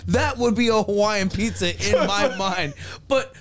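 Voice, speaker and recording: A man with a high voice chats on a podcast, excitable and quick to laugh. He swears freely and rants in bursts while joking with friends. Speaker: podcast co-host. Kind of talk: casual joking chat.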